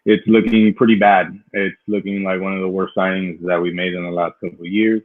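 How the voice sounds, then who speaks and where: A man's voice: sits low, flat delivery, brisk, dry recording. A man co-hosting a casual sports podcast, talking in an easygoing way with fillers. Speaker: podcast co-host. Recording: tinny phone-like line.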